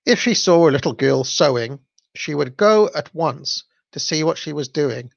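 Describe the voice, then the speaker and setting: A man reading a children's story aloud, adding asides with fillers and halting restarts. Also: a little high, lively intonation, vocal fry, no room sound. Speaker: storybook reader and commentator. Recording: dull, dry lo-fi recording.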